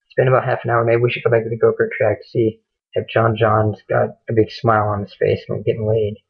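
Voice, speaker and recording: A man's voice: fairly low pitch, completely flat delivery, fast talker, gravelly, breathy edge. A young man casually retelling a gory horror story, rambling and swearing, slipping into the characters' lines without changing his voice. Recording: muffled phone-like audio.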